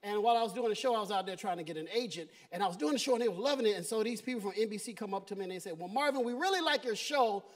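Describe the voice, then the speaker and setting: Male stand-up, high-pitched, animated storyteller, live stage mic. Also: rapid-fire, hardly any pauses. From Southern US. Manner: animated storytelling, laughs at own jokes. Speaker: stand-up comedian. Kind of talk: stand-up comedy set. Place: comedy stage before a live audience.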